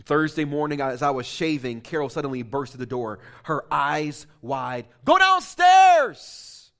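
A man's voice: medium pitch, fairly even intonation, moderate pace, a bit bright. A man preaching a sermon, reading a story aloud with impassioned, emphatic delivery. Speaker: pastor.

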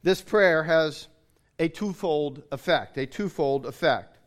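A man's voice: fairly high pitch, takes it slowly. A man preaching a sermon, explaining his points in an earnest way and restating them.

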